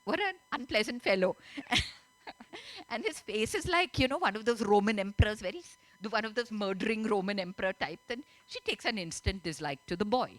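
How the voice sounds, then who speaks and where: A woman's voice: mid-range voice, animated, a little fast, a bit bright, no echo. A woman author, chatty and laughing often as she tells and reads her story at a festival. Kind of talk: reading aloud and storytelling at a literature festival. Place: festival stage.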